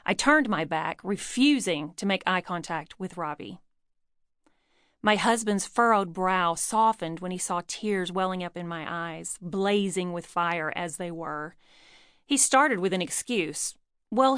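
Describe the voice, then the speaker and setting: A woman's voice: mid-range voice, fairly bright tone, no echo. Middle-aged woman author, earnest audiobook read, dead-dry booth sound. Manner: earnest, personal storytelling. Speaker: author reading her own book. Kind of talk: audiobook narration.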